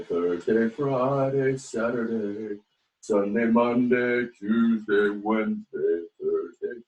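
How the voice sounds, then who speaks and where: A man's voice: on the low side, a little mellow. A man teaching an online class, leading counting and chants in a cheerful sing-song way. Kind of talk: online class morning meeting. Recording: echoey room.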